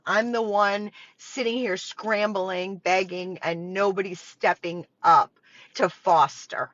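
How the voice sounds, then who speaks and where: A woman's voice: mid-range voice, a bit bright, highs cut off. A woman who runs a dog rescue, making an emotional, pleading appeal straight to her viewers from the rescue property. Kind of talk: impassioned direct appeal to viewers.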